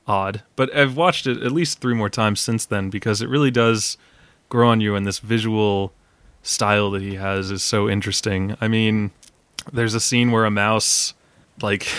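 A man's voice: fairly low pitch, fairly bright tone, no echo. A young man hosting a casual film podcast, chatty and self-mocking, laughing often. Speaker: podcast host.

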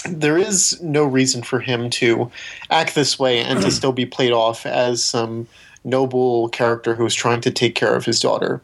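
Podcast co-host, male, mid-pitched, blunt and wry, picks the film apart. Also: vocal fry, low-quality recording. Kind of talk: casual film critique.

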